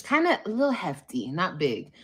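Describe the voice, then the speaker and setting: A woman from California, hosting a livestream podcast and telling a story in a casual, animated, profane way. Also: fairly low pitch, moderate pace, slightly rough. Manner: animated, profane, switches voices when quoting others. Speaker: podcast host.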